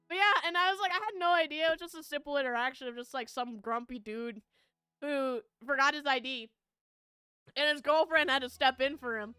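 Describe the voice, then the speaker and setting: A chatty woman streamer with a high voice tells a rambling story to her viewers, laughing often and filling gaps with ums and likes. Her tone is bright and sharp, and soft music plays in the background. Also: moderate pace, dry recording. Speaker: VTuber streamer. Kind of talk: casual chat with viewers, storytelling.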